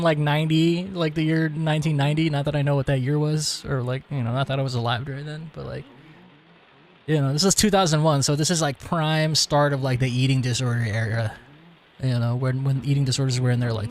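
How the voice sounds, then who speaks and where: A man's voice: a little high, fairly even intonation, moderate pace. Rambling, slangy young male streamer. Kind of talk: casual let's-play commentary.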